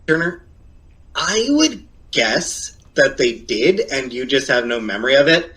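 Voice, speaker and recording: Rambling man with a lively, jumpy voice. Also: a little slow. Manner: rambling and hesitant, with sudden high leaps of pitch. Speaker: streamer in a reacted-to clip. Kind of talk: casual streaming chat.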